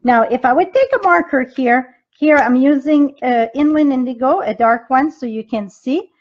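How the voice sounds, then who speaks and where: A woman's voice: sits high, moderate pace, muffled recording. A woman leading a live-streamed craft demo, chatting straight to her viewers as she works, with loose grammar and frequent ums. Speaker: craft demonstrator and team leader. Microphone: device mic from a live video stream.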